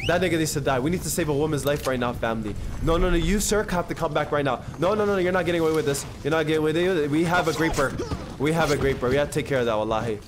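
A man's voice: on the high side, racing, music in the background. A young man streaming a video game, giving hyped, joking commentary full of slang, swearing and trash talk. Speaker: gaming streamer. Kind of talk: casual let's-play commentary.

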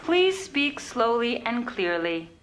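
Polite lift voice. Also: female voice, on the high side, takes it slowly, exaggerated voice. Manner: calm, even, courteous. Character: polite automated female elevator voice. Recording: crowd laughter and noise over a played sketch.

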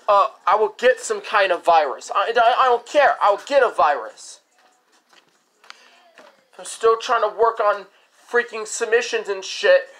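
A woman's voice: fairly high pitch, a bit bright. Profane ranting woman host. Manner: profane, repetitive, escalating frustration. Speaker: radio show host. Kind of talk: angry rant.

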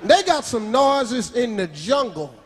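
A man doing a stand-up comedy routine, telling a story loudly and shouting punchlines on a live stage. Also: extremely high pitch, very animated, slow pace, breathy edge. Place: large theater with live audience. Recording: live stage recording with audience laughter and noise.

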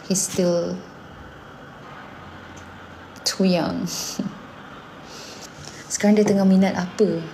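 A Malaysian woman in her thirties chats casually in a low, warm, mellow voice. She tells lively stories and slips between English and Malay mid-sentence. A faint hiss sits behind her. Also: takes it slowly, pauses often. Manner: animated storytelling, acting out her son's lines. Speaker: singer and mother. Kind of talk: casual chat.

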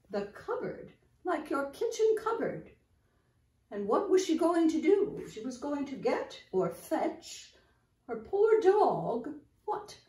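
An older woman leads young children through nursery rhymes in a high, very lively sing-song voice, taking her time. She sounds a little distant in an echoey room. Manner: animated, sing-song, talks to children as "my friends". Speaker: children's storyteller in costume.

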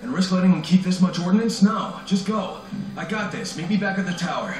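A blunt, reckless video game hero who talks in short, urgent bursts. His voice is a touch high and swings widely in pitch. It sounds distant and roomy, with music playing underneath. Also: expressive, fairly quick. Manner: terse, brash, urgent.

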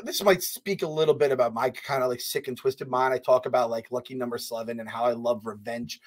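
A man co-hosting a podcast in casual chat, excitable and rambling, swearing freely with lots of fillers. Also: mid-range voice, brisk. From US Northeast. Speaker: podcast co-host.

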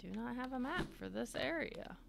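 A woman streaming a video game live, talking to the game in animated bursts of chatter. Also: a little high, moderate pace, creaky, noisy background. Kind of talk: live game-play commentary.

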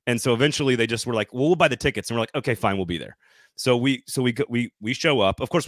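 A man's voice: fairly low pitch, no room sound, clean studio sound. A middle-aged man from Tennessee with a light Southern US accent, hosting a sports podcast in casual, jokey chat and swearing now and then. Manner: animated, swearing, jokey storytelling.

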